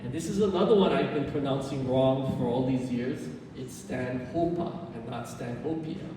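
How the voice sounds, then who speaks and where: A man giving a club presentation, explaining things in an unhurried way with fillers and self-corrections. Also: steady tone. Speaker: orchid society speaker. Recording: roomy hall, distant mic, faint rumble.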